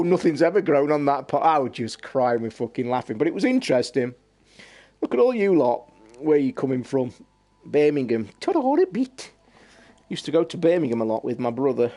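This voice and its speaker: A man's voice: mid-range voice, a little mellow. A man with a Derbyshire accent chatting casually with his stream viewers, telling rambling stories with plenty of swearing and laughter. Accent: East Midlands English (Derbyshire). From Derbyshire, England. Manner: sweary, rambling storyteller who laughs a lot. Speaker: livestream host.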